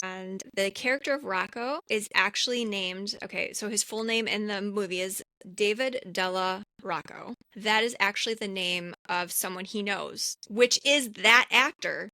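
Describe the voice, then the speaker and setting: This woman has a bright, ringing voice that comes across dry and close on the mic. She chats casually as a podcast co-host, retelling a film's backstory with lively, chatty enthusiasm. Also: medium pitch, normal speed, gravelly, hardly any pauses, no room sound. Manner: animated storyteller, chatty. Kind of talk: casual chat, film recap.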